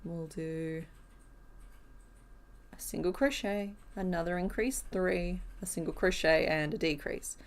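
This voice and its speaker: Woman streaming her crochet, talks it all through out loud, giggles a lot. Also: fairly low pitch, steady tone, measured pace, pauses often. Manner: chatty, thinks aloud, laughs often. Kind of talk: casual live-stream chat while crocheting.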